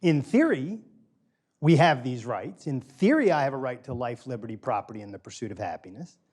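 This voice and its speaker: Medium in pitch but swinging widely, this middle-aged man's voice is a little fast, darkish, and breathy at the edges. He gives a conversational talk to a small group in a small room with a live audience, polling them and repeating key phrases for emphasis.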